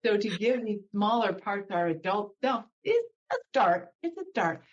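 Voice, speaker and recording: A woman guest speaking as a spiritual teacher, guiding a slow breathing meditation and then talking about emotions in a soothing way. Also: mid-range voice, big pitch swings, muffled recording. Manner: soothing, slows down to guide breathing. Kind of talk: guided meditation and spiritual talk.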